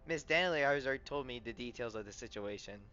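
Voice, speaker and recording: Guy reading polite calm cafe lady from a game, kinda muffled, quiet music behind. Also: mid-range voice, quick pace, natural voice. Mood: courteous. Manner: polite and composed, reading text aloud with small stumbles. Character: poised, courteous female café manager.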